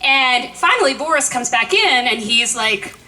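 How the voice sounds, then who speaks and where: A woman in her forties telling a lively, self-deprecating personal story at a memorial. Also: high-pitched, normal speed, low-quality recording. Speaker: eulogist.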